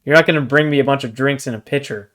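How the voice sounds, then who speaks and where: A young man co-hosting a book podcast, talking in a chatty, animated way and often saying "dude" and "like". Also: mid-range voice, quick pace. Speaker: podcast co-host. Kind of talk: casual book discussion.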